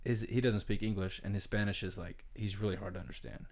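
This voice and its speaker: A man co-hosting a podcast, telling a long rambling story in a casual, animated way with lots of fillers. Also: lowish voice, quick pace, creaky. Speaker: podcast co-host, retired pro baseball player.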